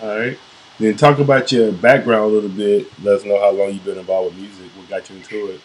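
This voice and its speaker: A man's voice: fairly low pitch, fairly even intonation, fast talker, a little hiss or hum. Slangy male podcast host. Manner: friendly, slangy questions. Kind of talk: casual interview.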